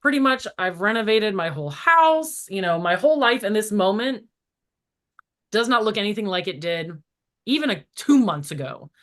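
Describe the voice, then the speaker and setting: A woman's voice: mid-range voice, moderate pace. A middle-aged woman in casual spiritual conversation as a podcast guest, telling stories animatedly with many "like" fillers. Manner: animated storytelling, acts out voices in quotes; frequent "like" fillers.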